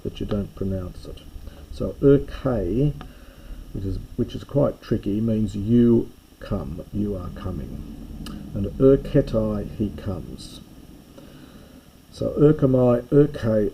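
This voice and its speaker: Male teacher for a grammar lesson, deep and very warm tone with a slightly husky edge, careful and methodical. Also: poor audio. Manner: careful, methodical explanation with small self-corrections. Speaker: Greek teacher.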